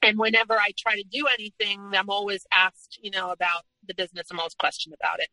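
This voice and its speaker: Woman guest on an interview, talks really frank and open, sharp bright voice. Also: mid-range voice, steady tone, fast talker, dry recording, poor audio. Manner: candid, frank. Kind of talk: personal storytelling in conversation.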